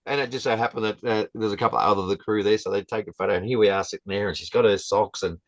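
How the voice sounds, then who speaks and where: A man, a guest telling a story in a halting, casual way with many restarts. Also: fairly low pitch, steady tone, dry recording, low-quality recording.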